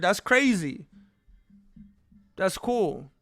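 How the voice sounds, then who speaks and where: A man's voice: a little high, unhurried, fairly bright tone, no echo, clean studio sound, faint music behind. A man hosting a live stream, reading viewer comments and bantering in a laid-back, chuckling way.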